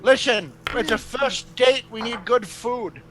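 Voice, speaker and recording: Man doing a courtly old sphere spirit, lowered voice. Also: measured pace, a bit bright, a little hiss or hum. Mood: bossy. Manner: courtly and theatrical. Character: ancient lonely guardian spirit in a sphere, man.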